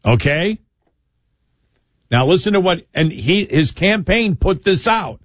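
A host on a casual political talk show tells rambling stories in a high, expressive voice, taking his time. He chuckles, breaks off and starts again often, and the dry recording is studio quality.

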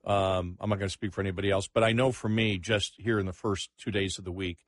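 A man hosting a talk radio show, chatting casually about politics in an animated, incredulous way with frequent stammered restarts. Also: low voice, quick pace, no echo, clean studio sound.

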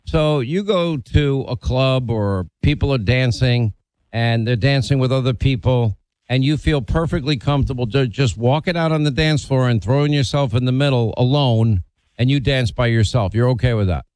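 A man's voice: medium pitch, moderate pace, darkish tone, dry recording. A middle-aged man hosting a call-in radio talk show, blunt and opinionated, teasing his callers.

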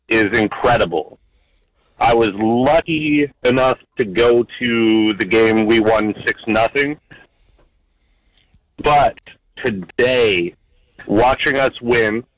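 A man's voice: mid-range voice, fairly bright tone, dry recording, low-quality recording. Heartfelt man calling in. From Canada. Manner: heartfelt, halting, many fillers. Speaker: caller. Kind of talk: phone-in conversation.

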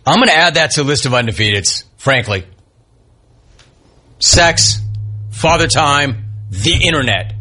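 A man's voice: medium pitch, expressive, unhurried, pauses often, sharp tone, soft background music. A man hosting a sports talk radio show, delivering a brash, emphatic monologue and repeating lines for punch.

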